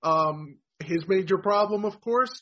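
A man's voice: high voice, a little slow, sharp tone. A man talking fantasy football analysis in a frank, emphatic way. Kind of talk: casual sports talk. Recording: dull lo-fi audio.

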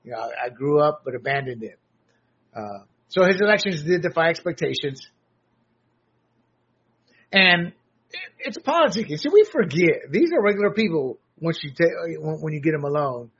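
A man's voice: on the high side, big pitch swings, moderate pace, long pauses, fairly bright tone, slightly rough, lo-fi sound. An American man giving blunt, sarcastic solo commentary, often restarting his sentences. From United States.

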